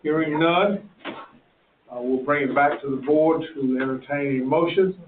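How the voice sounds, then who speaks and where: A man's voice: a little high, a little slow, slight background noise. A man chairing a county zoning hearing, speaking plainly and procedurally. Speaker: board chairman. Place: county meeting room. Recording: echoey, tinny, far from mic.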